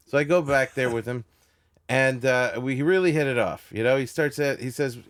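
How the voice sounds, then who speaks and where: A man's voice: mid-range voice, normal speed. Man rambling through a story. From New York. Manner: rambling with many restarts. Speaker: podcast host. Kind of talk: storytelling in casual chat.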